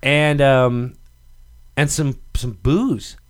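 A man's voice: medium pitch, steady tone, very slow. A man co-hosting a podcast in casual chat. He rambles and jokes, laughs often, and sounds stoned. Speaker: podcast co-host. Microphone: podcast microphone.

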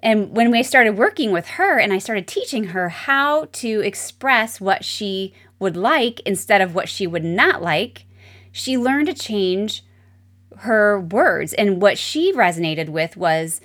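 A woman with a medium-pitched voice, speaking a little slowly, hosts a solo advice podcast as a marriage coach. She talks straight to her listeners, chatty and animated.

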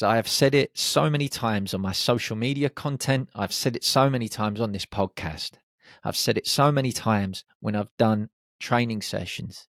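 A man hosts his own podcast in a low, gravelly voice. He talks with animated energy and drops into little acted voices for the doubts people tell themselves. The sound is dry and close, with no room around it. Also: dry recording. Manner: animated, acts out inner self-talk in quick little voices. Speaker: podcast host. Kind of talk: solo podcast talk.

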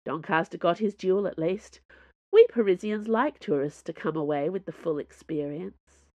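A wry young woman fencer, dry and offhand, her voice low and close in a dry audiobook recording, as the narrator reads her. She sounds close to the narrator's own voice. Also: normal speed, darkish tone, dry recording, dull audio, natural voice.

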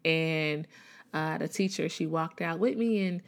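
A woman's voice: low-pitched, unhurried. A woman in her thirties from the Chicago area, telling a personal faith testimony in a conversational way, with many fillers and restarts. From Chicago area, USA. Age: 30s. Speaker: Christian speaker sharing a testimony.

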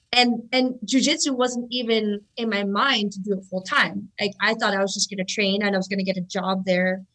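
A woman's voice: mid-range voice, a bit bright, poor audio. A woman in her thirties telling stories in a casual interview, chatty and full of fillers. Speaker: interview guest, jiu-jitsu competitor. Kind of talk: casual storytelling.

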